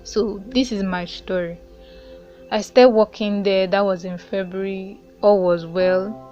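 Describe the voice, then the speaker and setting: Woman, 20s, mid-pitched, reflective storyteller on a muffled recording. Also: fairly even intonation, measured pace, mellow. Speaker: guest sharing her story. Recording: dull lo-fi recording with faint music.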